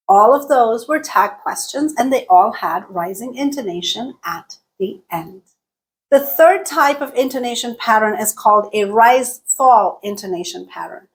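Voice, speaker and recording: A woman teaching a lesson, speaking clearly and deliberately and exaggerating pitch in her example sentences. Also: lively intonation. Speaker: English teacher. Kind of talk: explanatory lesson with spoken examples.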